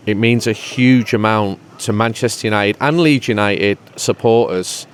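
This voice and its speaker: A man's voice: lowish voice, unhurried, hardly any pauses, smooth. A man as a regular pundit in casual podcast chat, joking and rambling before turning rousing. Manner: jokey, rambling, then rousing.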